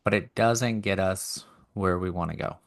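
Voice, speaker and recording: A man co-hosting a podcast, calmly explaining and reflecting with everyday examples in casual conversation. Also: low voice, normal speed. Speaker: podcast co-host. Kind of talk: casual chat.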